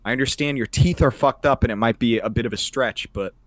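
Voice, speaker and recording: A man's voice: medium pitch, a little fast, dry recording. A young man co-hosting a podcast, talking crudely in casual chat with lots of fillers. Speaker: podcast co-host.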